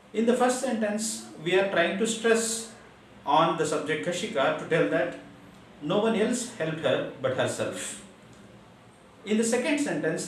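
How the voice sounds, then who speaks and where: Man teaching grammar in a very echoey room. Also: medium pitch. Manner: slow, deliberate explaining with repeated emphasis. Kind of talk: grammar lesson. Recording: very echoey room, mic far off, faint hiss.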